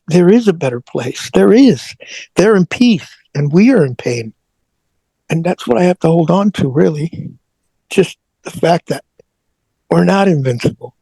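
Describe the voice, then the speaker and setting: A man's voice: sits high, animated, normal speed, gravelly, mellow, husky, no echo. A man who is a guest on an interview show, telling a personal story earnestly and often repeating his words.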